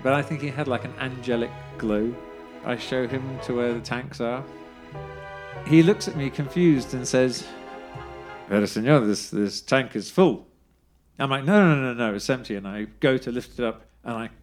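A man telling a funny personal story in a wry, self-deprecating way, swearing freely. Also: mid-range voice. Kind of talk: anecdotal storytelling, casual.

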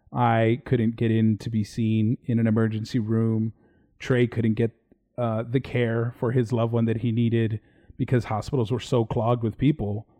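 Man, warm mellow voice, casual livestream host, rambling. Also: fairly low pitch. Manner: casual, rambling, swears offhandedly. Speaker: podcast host.

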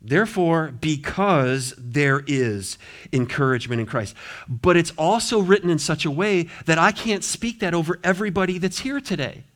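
A middle-aged man preaching a sermon as pastor, impassioned, swinging between loud appeals and quiet, low asides. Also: animated, normal speed. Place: church sanctuary.

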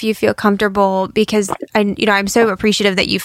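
Gravelly-voiced woman hosting a chat. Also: mid-range voice, little pitch movement, fast talker, no echo, clean studio sound. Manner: supportive, reflective interviewer. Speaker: host. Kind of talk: casual conversation.

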